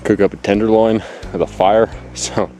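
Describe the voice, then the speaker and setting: A man's voice: lowish voice, flat delivery, normal speed, dark tone, faint music behind. Out-of-breath man, anxious and rambling. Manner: rambling, anxious, many fillers. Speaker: hunter vlogging outdoors. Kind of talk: casual vlog to camera. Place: outdoors in a forest clear cut. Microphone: handheld camera held close.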